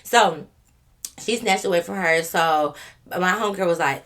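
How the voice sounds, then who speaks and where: Animated young woman, a storytime vlogger with a lowish voice. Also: unhurried. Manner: animated, profane, acts out quotes. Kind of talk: casual storytime.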